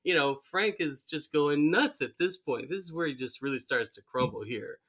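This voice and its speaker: A man's voice: a little high, moderate pace. A man co-hosting a podcast, chatting casually about a cartoon episode, acting out quotes and laughing often. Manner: animated, acts out character quotes, laughs often. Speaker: podcast co-host.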